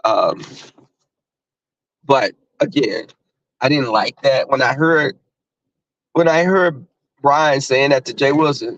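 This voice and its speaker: A man's voice: medium pitch, slow, pauses often, fairly bright tone, no room sound, highs cut off. Blunt Southern man with a drawl. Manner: blunt, profane, with filler-heavy restarts. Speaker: online talk host. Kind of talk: casual monologue to viewers.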